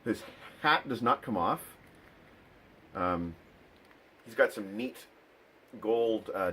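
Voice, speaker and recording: A man's voice: on the low side, a little hiss or hum. A man hosting a casual toy unboxing video, talking with dry, sarcastic remarks and lots of ums and uhs.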